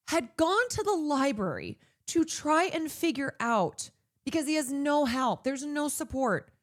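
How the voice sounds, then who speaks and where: A woman streamer reads a news story aloud in casual commentary. She keeps breaking off into heated, profane remarks of her own. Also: high voice. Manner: profane, indignant.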